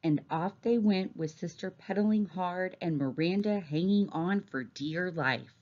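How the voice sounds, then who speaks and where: A teacher reading a storybook aloud in a gentle, expressive manner. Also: female voice, on the low side, measured pace, muffled recording.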